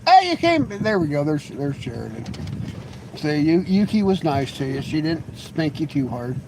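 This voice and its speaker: Male livestream host, high lively voice, rambling teasing chatter, faint background noise. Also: normal speed, gravelly. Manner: rambling and teasing, with frequent laughs and stammered restarts. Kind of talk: casual live-stream chat with viewers.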